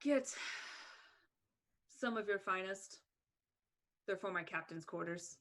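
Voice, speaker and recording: A woman voicing a terse orc woman ship captain in a tabletop game, speaking low and clipped. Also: takes it slowly, a bit bright. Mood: curt.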